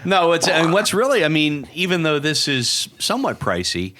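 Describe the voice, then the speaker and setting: A man co-hosting a guitar podcast, animated and quick to laugh. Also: on the high side. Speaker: podcast host. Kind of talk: casual podcast chat.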